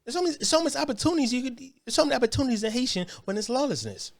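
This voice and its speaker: Brash man ranting, high and lively. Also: rapid-fire, gravelly, no room sound. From United States. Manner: brash, taunting, repeats words when heated. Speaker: podcast host reacting to clips. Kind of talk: mocking rant commentary.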